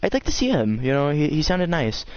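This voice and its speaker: A man's voice: a little high, sing-song, fairly quick, highs cut off, a crowd in the background. Joking young man streaming a building game. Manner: joking, insistent, keeps swearing he is not kidding. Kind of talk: casual chat over gameplay.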